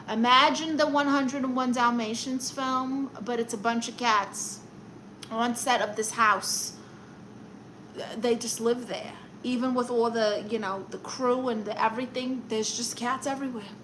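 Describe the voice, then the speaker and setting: Brooklyn lady on a live stream reading chat, sassy n roasting, kinda high bright voice. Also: slight background noise, poor audio.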